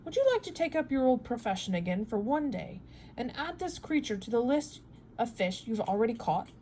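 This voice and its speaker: A calm, commanding ship captain from a read-aloud storybook, put on by a woman reader. He speaks in a measured, assured way, in a fairly high voice. Faint hiss lies behind.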